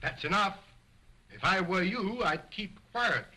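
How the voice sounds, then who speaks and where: A man's voice: high-pitched, lively intonation, unhurried, heavy background noise. An actor playing a stern, domineering stage ventriloquist who scolds his dummy, in early talkie style. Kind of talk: 1920s early talkie acting. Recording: old film soundtrack.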